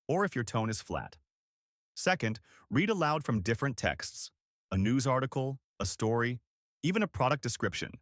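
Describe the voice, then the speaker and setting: A male instructor narrates a scripted lesson in a clear, deliberate coaching style. His fairly bright voice swings widely and expressively in pitch, and the recording is close and dry with no room sound at all.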